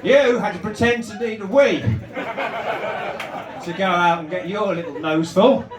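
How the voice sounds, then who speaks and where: This man has a high voice with lively intonation, yet he takes his time. He's doing crowd work at a live comedy club, teasing people with rambling, stammering restarts, captured by a far-off mic in an echoey room with loud noise.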